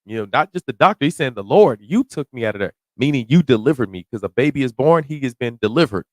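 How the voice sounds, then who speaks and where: This animated man with a medium-pitched voice gives a verse-by-verse sermon, recorded dry and close. He reads scripture slowly, then riffs on it in casual slang, at times climbing to shouts.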